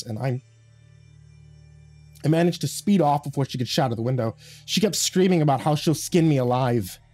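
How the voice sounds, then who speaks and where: A man reading a horror story aloud in a calm, measured storytelling voice. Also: medium pitch, breathy edge. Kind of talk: scripted horror narration.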